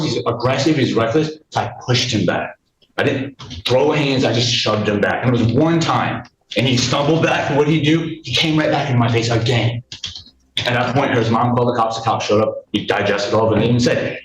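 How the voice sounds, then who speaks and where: A man's voice: medium pitch, fairly quick. Indignant man testifying in court. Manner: indignant, rambling, repeats himself. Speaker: respondent in a court hearing. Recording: echoey courtroom mic, faint noise.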